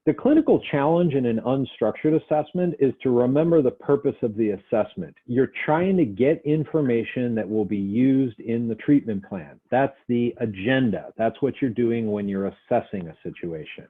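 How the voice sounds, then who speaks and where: A man explains a lesson in a relaxed, conversational way, now and then acting out both sides of an exchange. His voice sits at a middling pitch, and the audio is narrow and tinny, as if heard over a phone. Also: normal speed, few pauses, slightly rough. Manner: conversational, acts out example dialogues. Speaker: instructor. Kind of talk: recorded lecture.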